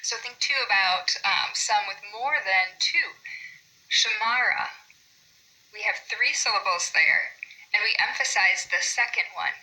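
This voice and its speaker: A woman teaching a class about meter in poetry. She explains patiently and says the example names slowly, stressing their syllables. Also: mid-range voice, sharp tone, poor audio.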